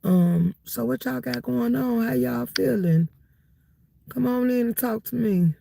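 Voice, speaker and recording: A woman's voice: fairly high pitch, a little slow, gravelly, slight background noise. A woman hosting a livestream, chatting casually and laughing as she gossips, tired and cold. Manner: animated, laughing gossip with frequent "baby" and "y'all". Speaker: livestream host.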